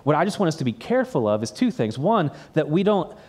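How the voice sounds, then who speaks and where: Man preaching in a relaxed story style. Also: a little high, quick pace, husky. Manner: conversational storytelling, repeats words when starting phrases. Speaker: pastor. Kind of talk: sermon with personal story.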